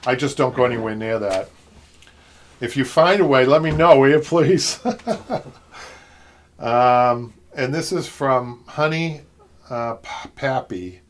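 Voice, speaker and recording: A man's voice: mid-range voice, takes it slowly, pauses often. A man with a Boston accent hosting a live upholstery show, chatting and rambling through viewer comments with frequent laughs. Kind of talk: live-stream chat reading viewer comments.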